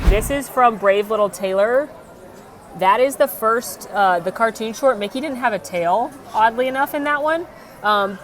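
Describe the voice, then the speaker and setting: A woman's voice: mid-range voice, slight background noise. A young woman hosting a chatty, upbeat theme park tour vlog outdoors, full of trivia. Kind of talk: casual walking tour vlog.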